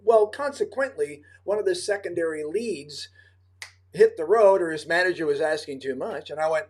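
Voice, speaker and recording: A male host with a somewhat high voice leads a casual livestream chat. He speaks emphatically and spins anecdotes. He acts out what others said as he goes. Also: brisk, a little mellow. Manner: emphatic, storytelling, acts out quoted dialogue.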